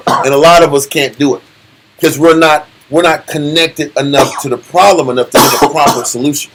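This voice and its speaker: A man leading a casual Bible study, animated and full of rhetorical questions and slang. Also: a little high, moderate pace, low-quality recording. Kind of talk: casual scripture teaching.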